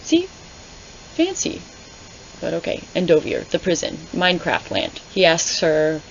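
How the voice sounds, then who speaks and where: A woman's voice: low voice, animated, takes it slowly, a little hiss or hum. A woman giving casual, sarcastic, exasperated commentary as she reads along, rambling into asides. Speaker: booktuber reading along. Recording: slightly dull lo-fi audio.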